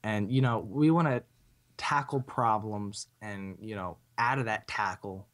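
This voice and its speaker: Low-voiced, rambling podcast co-host. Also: male voice, measured pace, fairly bright tone. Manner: enthusiastic, rambling. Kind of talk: casual podcast chat.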